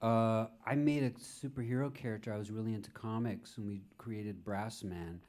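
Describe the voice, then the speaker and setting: A man's voice: fairly low pitch, fairly even intonation, normal speed, a little mellow. A man, a guest on a live podcast taping, telling rambling anecdotes full of fillers in front of an audience. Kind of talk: live podcast chat, storytelling. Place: stage before a live audience.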